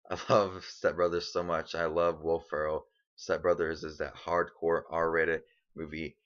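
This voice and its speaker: A man's voice: low-pitched, fairly bright tone, highs cut off. A young man ranking his favorite films in a casual vlog, enthusiastic and rambling with lots of ums. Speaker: movie vlogger. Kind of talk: casual movie countdown vlog.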